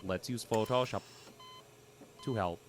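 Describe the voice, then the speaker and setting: A man voicing a flustered tutorial host with a strange, unnatural voice and a flat, measured delivery in a comedy sketch. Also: on the low side, faint music behind, lightly acted. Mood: deadpan instructive.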